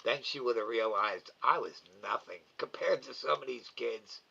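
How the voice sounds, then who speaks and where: A middle-aged man chatting casually on a live stream, reading and answering viewers, talking slowly and haltingly with repeated words and sometimes getting emotional. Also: mid-range voice, gravelly, pushed and bright, husky. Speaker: live cam host reading chat. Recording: dull lo-fi stream audio.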